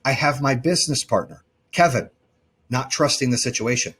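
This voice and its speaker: A man's voice: mid-range voice, moderate pace, fairly bright tone, husky. A man being interviewed as a company founder, telling his story in a blunt, emphatic way and often correcting himself mid-sentence.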